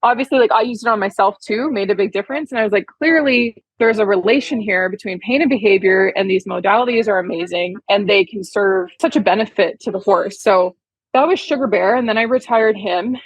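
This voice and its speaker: Chatty husky-voiced woman telling a story. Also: mid-range voice, no room sound, poor audio. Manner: chatty, heartfelt, many "like" fillers. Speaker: podcast guest, horse trainer. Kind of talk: casual storytelling interview.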